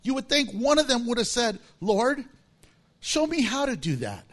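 A man preaching a sermon, animated and humorous, acting out little scenes in different voices and laughing often. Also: normal speed. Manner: animated, acts out voices with big pitch swings. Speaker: pastor.

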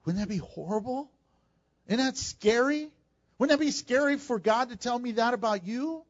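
A pastor preaches with a high, lively voice, moving between scripture readings and plain talk to his church. He is a man whose delivery stays animated throughout. The recording sounds dull and lo-fi. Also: normal speed. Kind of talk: sermon.

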